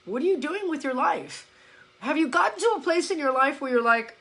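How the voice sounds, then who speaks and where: A woman with a high, bright voice coaches her viewers on a live stream. She talks bluntly and with emphasis, curses offhandedly, and mimics the excuses people give her. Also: expressive, moderate pace, vocal fry, poor audio. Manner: blunt, emphatic, swears casually, acts out followers' complaints. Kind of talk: casual motivational live-stream talk. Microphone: phone or laptop.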